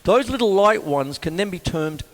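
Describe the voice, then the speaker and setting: A man's voice: high-pitched, expressive, moderate pace, big-room sound. A man with an Australian accent teaching drums in a casual, rambling way, counting beats aloud and often saying "you see". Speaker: drum teacher. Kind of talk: casual music lesson.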